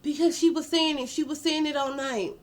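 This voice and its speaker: Girl putting on a young guy yelling he didnt do it, loud and pitched up, all indignant. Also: fairly even intonation, fairly quick, lightly acted. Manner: indignant, yelling, protesting innocence. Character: defensive angry young man, caught in a lie.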